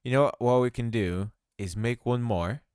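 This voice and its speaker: A man walks through a game-making tutorial at his own slow pace, thinking aloud and teasing himself about his mistakes. His voice is smooth and clear, recorded close on a desk mic. There is almost no room sound around it. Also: medium pitch, darkish tone, dry recording. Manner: self-mocking, thinks aloud, laughs at himself. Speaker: game dev tutorial host. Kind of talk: casual screen-recorded tutorial.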